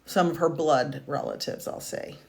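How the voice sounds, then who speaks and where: A woman doing a live-streamed psychic reading, speaking softly and haltingly with many fillers, at times close to tears. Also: low-pitched, gravelly. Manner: slow, soft-spoken, halting with fillers and restarts; emotional, tearful at moments. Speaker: psychic medium. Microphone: video call or stream mic.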